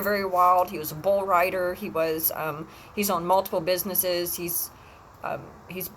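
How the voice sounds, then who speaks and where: A woman vlogging alone, telling a personal story in a halting way with many pauses and restarts. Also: medium pitch, a bit bright, a little hiss or hum, rough recording. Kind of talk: emotional personal vlog.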